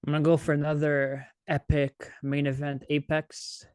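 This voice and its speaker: A man's voice: a little high, completely flat delivery, normal speed, a little mellow, clear, resonant tone, no room sound. A man co-hosting a podcast in casual chat, joking and laughing as he talks. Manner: joking, laughs while talking. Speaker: podcast co-host.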